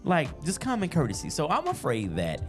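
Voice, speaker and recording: Animated Southern man in his fifties. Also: a little high, normal speed, faint music behind. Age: 50s. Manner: animated storyteller who acts out the people he quotes. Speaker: podcast co-host. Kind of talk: casual podcast chat.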